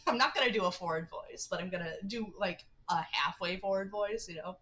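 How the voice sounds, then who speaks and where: A woman's voice: medium pitch, brisk, bright, forceful tone, rough recording. A young woman livestreaming a dating game, reading its text aloud with giggly, chatty asides. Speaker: streamer.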